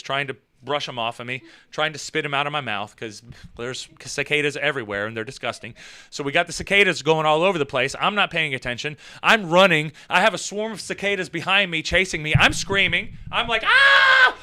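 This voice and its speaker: A man hosting his own show, telling rambling comic stories in a casual, animated way with swearing. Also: a little high, clean tone. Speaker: show host. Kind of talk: casual comedic storytelling.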